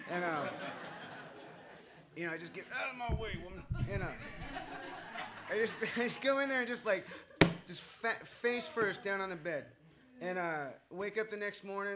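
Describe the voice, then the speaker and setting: A high-pitched man shares his personal story with a recovery group. He wanders as he talks, making fun of himself and filling the gaps with chuckles and filler words.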